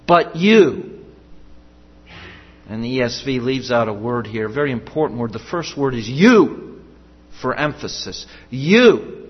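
A man's voice: mid-range voice, normal speed, slightly rough. A man preaching a sermon in an earnest, emphatic way, repeating his key questions. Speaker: pastor. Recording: dull sound with long hall reverb.

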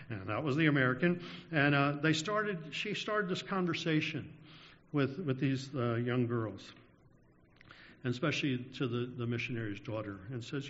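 A man preaching a sermon, telling anecdotes with small chuckles and then slowing into a prayer. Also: medium pitch. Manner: anecdotal, chuckles through stories, slows down in prayer. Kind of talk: sermon storytelling ending in prayer. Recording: dull lo-fi sound with long hall reverb.

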